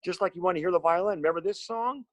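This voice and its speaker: A man teaching a music lesson to his students from home, explaining slowly and simply and asking them questions. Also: high voice. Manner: slow, simple explanations with lively questions to children. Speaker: special education music teacher.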